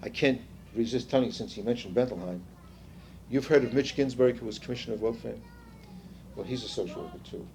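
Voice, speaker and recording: A man's voice: mid-range voice, quick pace, pauses often, darkish tone, a little hiss or hum. An older man leading a seminar in a conversational lecture style. He tells stories, drops in asides and "you see", and quizzes the group. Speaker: seminar leader.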